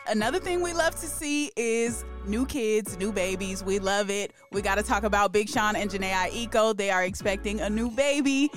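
A woman's voice: medium pitch, normal speed, few pauses, faint music behind. A woman hosting a podcast, chatting casually and upbeat, laughing often. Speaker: podcast host.

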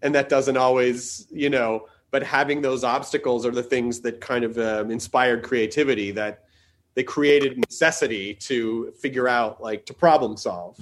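A man's voice: medium pitch, steady tone, moderate pace, a little hiss or hum. A man from Tennessee hosting a casual interview, talking in long rambling sentences full of restarts. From Southern US, Tennessee. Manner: rambling, many restarts and fillers. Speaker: podcast host.

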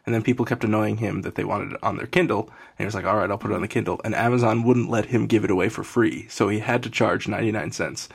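A man on a book club podcast panel, retelling a story in a relaxed way. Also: fairly low pitch, fast, vocal fry, hardly any pauses, husky. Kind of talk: casual book club chat.

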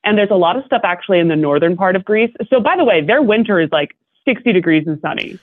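Young woman guest, animated storyteller who laughs a lot, tinny phone-quality audio. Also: medium pitch, fast, no echo. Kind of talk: casual podcast chat. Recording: dry, tinny phone-like line.

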